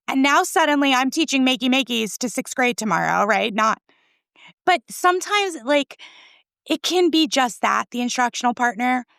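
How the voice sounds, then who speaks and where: A lively woman in her forties talks as a podcast guest, with a fairly high voice that has a gravelly fry running through it. The sound is dry and close, with no room around her. She is full of enthusiasm, laughs easily and checks in with a "right?" after her points. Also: moderate pace, dry recording. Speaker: school librarian, podcast guest. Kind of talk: conversational interview.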